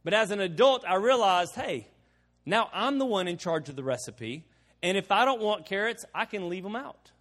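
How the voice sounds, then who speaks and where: A man's voice: sits high, lively intonation, normal speed, fairly bright tone, big-room sound. A man preaching a sermon in a conversational way, mixing personal stories with emphatic repetition. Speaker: pastor.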